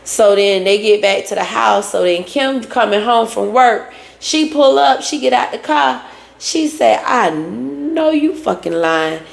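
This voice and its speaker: A woman's voice: a little high, unhurried, creaky. A woman giving a casual recap of a reality show, acting out what each person said and now and then breaking into song. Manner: retells scenes acting out both sides, breaks into song. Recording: echoey room.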